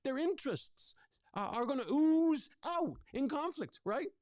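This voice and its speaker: A man's voice: very high voice, animated, measured pace, darkish tone, no room sound, clean studio sound. A man presenting a live online workshop on conflict, talking energetically, often repeating words and putting questions to his audience. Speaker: relationship coach presenting a workshop.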